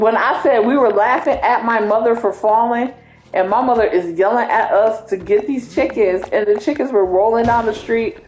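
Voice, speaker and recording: A woman's voice: a little high, normal speed. A woman DJ telling a funny family story in casual, slangy talk, laughing as she goes. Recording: roomy echo with faint music.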